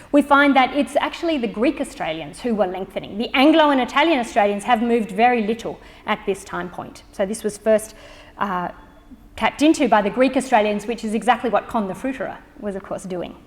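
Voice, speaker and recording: Woman lecturing in a reverberant hall. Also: a little high. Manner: measured explanatory delivery with fillers. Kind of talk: public lecture.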